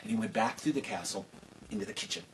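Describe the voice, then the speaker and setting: A man telling a folk tale to children, lively and conversational with casual asides. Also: lowish voice, fast, slight background noise, poor audio. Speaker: storyteller. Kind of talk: oral storytelling for children.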